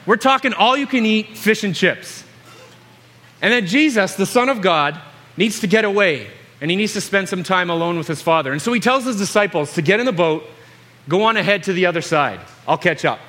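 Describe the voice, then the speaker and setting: A man preaching a sermon, retelling a story with jokes and lively, animated asides. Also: high voice.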